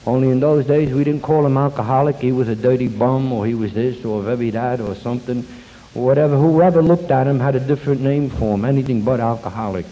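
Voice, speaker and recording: An older man telling his life story at a recovery meeting, folksy and self-deprecating, pausing and restarting as he goes. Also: medium pitch, warm tone. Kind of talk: personal story talk with jokes. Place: meeting hall before an audience. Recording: dull lo-fi tape, long hall reverb.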